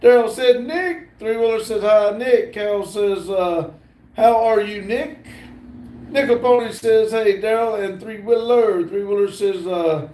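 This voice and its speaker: A middle-aged Southern man with a high voice reads his live chat aloud slowly and easily, dropping in plenty of "uh"s. His phone's sound is echoey and roomy, and he is outside. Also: steady tone, mellow. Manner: slow and easygoing, reads names and comments with many "uh" fillers. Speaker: livestream host. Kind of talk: casual live stream, reading chat aloud. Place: outdoors.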